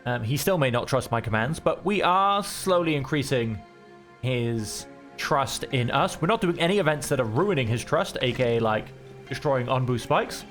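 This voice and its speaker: A relaxed man talks through his game in an easy, chatty way, thinking aloud. His voice sits at a middle pitch. Faint music plays quietly underneath him. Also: moderate pace. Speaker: gameplay streamer. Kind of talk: relaxed let's-play commentary.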